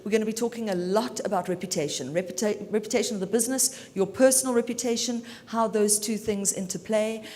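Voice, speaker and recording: A woman from South Africa giving a brisk, chatty and self-assured talk as a media lawyer at a conference. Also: a little mellow. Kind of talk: keynote talk. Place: conference hall. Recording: reverberant hall, faint rumble.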